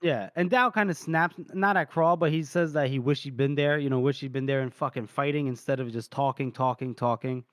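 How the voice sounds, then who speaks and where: A man's voice: mid-range voice, fairly quick, few pauses, dry recording, clean studio sound. A man co-hosting a podcast, casually retelling a book chapter and briefly acting out the characters' lines. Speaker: podcast co-host.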